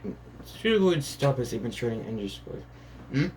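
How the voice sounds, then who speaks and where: A man's voice: mid-range voice, very animated, a little fast, darkish tone, slight background noise. A man improvising a fan story aloud, rambling and filling gaps with casual fillers. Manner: rambling, full of "and yeah, like" fillers.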